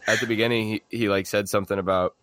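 Rambling low-voiced man chatting. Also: steady tone, fast, heavy background noise. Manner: rambling, laughs often, many fillers. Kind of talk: casual movie chat.

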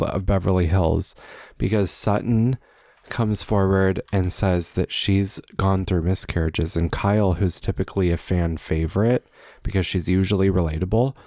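A young man co-hosting a podcast, telling gossip in a chatty, animated way with frequent laughter. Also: deep voice, no room sound, studio quality. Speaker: podcast co-host. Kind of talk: casual chat.

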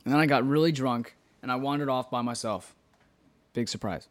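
A man hosting a podcast, telling a story in casual chat, animated, laughing often and swearing freely. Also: medium pitch, brisk. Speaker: podcast host.

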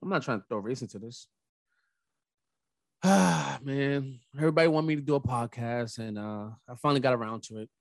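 A young adult man hosting a casual solo podcast, telling rambling, animated stories with emphatic asides. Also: medium pitch, fairly quick, gravelly, no echo. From New York. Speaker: podcast host.

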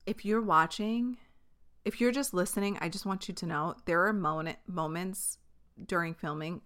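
Woman, podcast host, casual solo chat, bright and sharp tone, profane, laughs a lot, podcast mic. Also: on the low side, moderate pace. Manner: chatty, profane, laughs often. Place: filming herself on camera. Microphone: podcast microphone.

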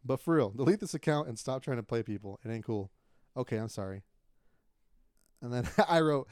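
A young man co-hosting a casual podcast, retelling a story in an animated, profane way with frequent laughter. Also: mid-range voice, brisk, long pauses, clear, resonant tone, no echo, studio quality. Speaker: podcast co-host.

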